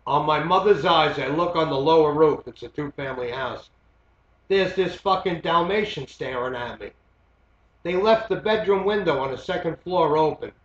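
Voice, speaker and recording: A man's voice: a little high, normal speed, slight background noise. Rambling profane man. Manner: rambling, profane, many fillers. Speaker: host. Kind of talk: casual storytelling monologue. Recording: echoey muffled lo-fi home recording.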